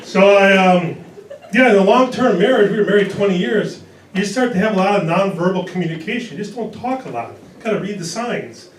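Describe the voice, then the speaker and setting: A high-voiced older man in his sixties works through a stand-up set and lands dry one-liners deadpan. He sounds distant and roomy, as if picked up from across a club. Audience laughter comes through clearly behind him. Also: a little fast, noisy background. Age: 60s. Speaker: stand-up comedian. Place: comedy club stage. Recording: echoey club recorded from a distance.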